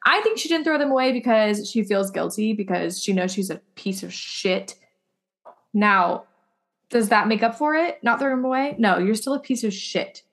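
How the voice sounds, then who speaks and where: A woman's voice: medium pitch, lively intonation, moderate pace, fairly bright tone. Blunt, joking woman podcast co-host. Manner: blunt, joking, swears freely. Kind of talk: casual chat.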